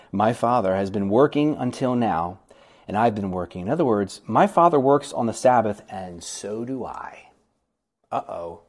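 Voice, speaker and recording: A man leading a Bible study, reading verses and explaining them in an animated, lively way, acting out voices and laughing often. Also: mid-range voice.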